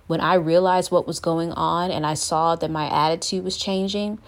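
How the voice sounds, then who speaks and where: A woman's voice: lowish voice, fairly even intonation, moderate pace. A young woman giving an earnest Christian devotional talk, sometimes acting out the voices she quotes. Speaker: Christian speaker.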